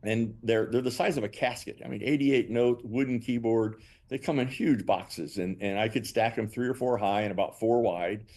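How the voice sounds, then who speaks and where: An older man, a company founder and guest, telling animated stories and acting out both sides of past conversations. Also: medium pitch, normal speed, hardly any pauses. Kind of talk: storytelling interview answers.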